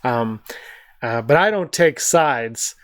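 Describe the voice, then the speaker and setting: A man co-hosting a podcast in casual chat, telling rambling stories with quick asides. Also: mid-range voice, animated, no echo, studio quality. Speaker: podcast co-host.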